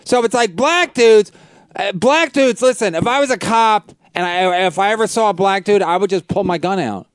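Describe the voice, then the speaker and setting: A man hosting a casual radio chat, talking loudly in a rambling, provocative way with many restarts. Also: high-pitched, normal speed, smooth, no room sound. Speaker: host.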